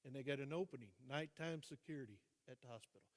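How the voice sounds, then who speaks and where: An older man, a guest speaker, telling a story in a motivational speech, acting out both sides of a conversation and dropping his voice low for emphasis. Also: fast talker. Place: large hall. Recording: long hall reverb.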